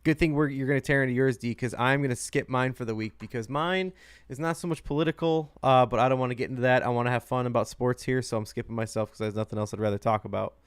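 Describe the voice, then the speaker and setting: Male podcast host, mid-pitched, smooth clear voice, laid-back chat, dry close sound. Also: steady tone, quick pace, no room sound. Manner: laid-back, laughs easily. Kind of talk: casual sports chat.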